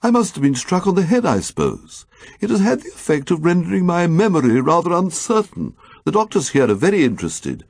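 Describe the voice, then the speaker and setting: A man's voice: sits high, huge pitch swings, a little fast, creaky, a little mellow, no echo, clean studio sound, exaggerated voice. Man doing a prim, oddly precise young man. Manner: stiff, precise, formal. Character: Teddy Weeks, a prim young man with odd precise speech.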